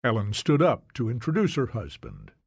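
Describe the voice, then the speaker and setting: A man narrating an audiobook in a measured, solemn storytelling manner. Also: mid-range voice, wildly swooping pitch, creaky, husky, dry recording, clean studio sound.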